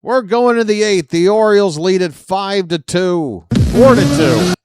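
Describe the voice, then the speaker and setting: A man doing fan play-by-play commentary of a baseball game, excitable and prone to rambling asides between pitches. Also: unhurried, very noisy. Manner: excitable, shouts on big plays, rambling asides.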